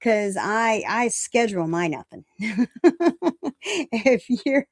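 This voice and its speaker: A woman in her fifties talks in a casual, blunt way, leaning on repeated phrases for emphasis and poking fun at herself. Her voice sits at an ordinary middle pitch, and the sound is close and dry with no room around it. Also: expressive, unhurried, no room sound. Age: 50s. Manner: blunt, self-mocking, laughs at her own jokes. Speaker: recovery meeting host. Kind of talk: casual live-stream talk.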